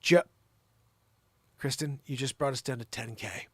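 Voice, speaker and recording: A man hosting an improvised live comedy show, teasing a co-host in mock exasperation and lurching between loud outbursts and low mutters. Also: steady tone, brisk, creaky, slightly rough, no room sound.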